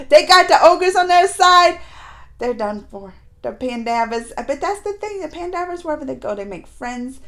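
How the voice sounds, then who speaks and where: A woman's voice: on the high side, a bit bright. A woman hosting a reaction video, chatting animatedly and cheering at the screen as she watches a show. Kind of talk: casual reaction commentary.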